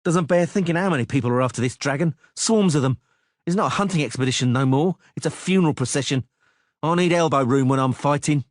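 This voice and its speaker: A man doing a grumbling rough mercenary. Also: on the high side, fast, no echo, clean studio sound, voice pushed up, close to an everyday voice.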